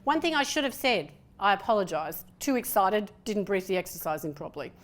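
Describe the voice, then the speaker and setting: A woman leading a group through breathing and humming exercises, a lively, playful instructor who counts slowly and cues each step. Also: mid-range voice. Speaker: voice workshop presenter. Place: room with a participating group.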